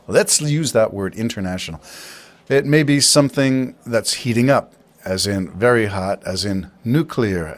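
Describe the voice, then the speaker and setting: A man hosting a podcast alone, musing and rambling through his thoughts and asking himself questions along the way. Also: lowish voice. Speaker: podcast host. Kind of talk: casual solo talk.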